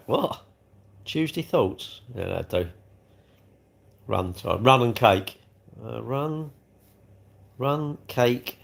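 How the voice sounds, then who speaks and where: With a lowish voice and vocal fry, a man chats on his livestream over cake. He rambles in a chatty way and keeps chuckling as he talks.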